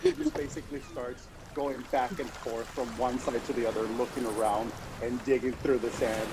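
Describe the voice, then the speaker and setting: A man's voice: mid-range voice, flat delivery, normal speed, heavy background noise. A man playing a tabletop game, animatedly describing and acting out his character. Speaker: player.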